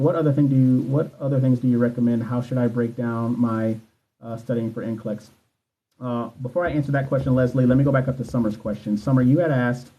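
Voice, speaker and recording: A man's voice: mid-range voice, muffled recording. A man in his thirties, a nursing exam coach, chatting casually and profanely on a livestream while answering viewer questions. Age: 30s. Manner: candid, profane, talks straight to viewers. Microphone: phone livestream.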